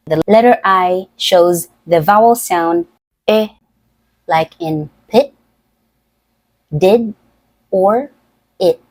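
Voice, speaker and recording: A woman teaching English pronunciation, speaking slowly and deliberately with careful enunciation. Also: lowish voice, darkish tone, no room sound, rough recording. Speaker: pronunciation tutor. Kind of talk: scripted pronunciation lesson.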